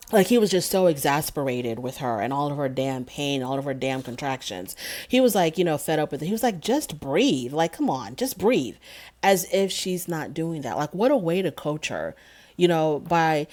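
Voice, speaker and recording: A woman with a notably low voice talks through a TV episode in relaxed recap commentary. Her tone is sarcastic and openly indignant, as a show reviewer who keeps her own opinions up front.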